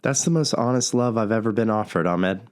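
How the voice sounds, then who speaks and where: A man voices a down-on-his-luck talk radio host with a fairly low voice. He sounds wry and self-mocking, often laughing at his own lot. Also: brisk, lightly acted. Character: broke, self-deprecating male radio host.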